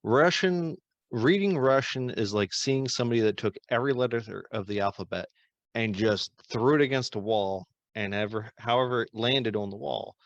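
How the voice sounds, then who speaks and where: A man's voice: medium pitch, moderate pace, dry recording. A man co-hosting a podcast in a laid-back casual chat, mostly giving short replies. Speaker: podcast co-host. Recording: dull lo-fi sound.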